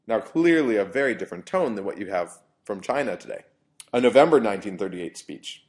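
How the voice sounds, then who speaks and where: A man's voice: on the low side, lively intonation, fairly quick. Man giving a university lecture. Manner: explanatory, often restarts phrases. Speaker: professor.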